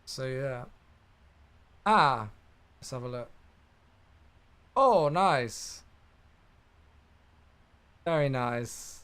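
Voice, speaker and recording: A man's voice: mid-range voice, lively intonation, very slow, pauses often, a bit bright, clean tone. A young man chatting casually on a live stream while flying a simulator, reacting aloud and answering viewers. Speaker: flight sim streamer.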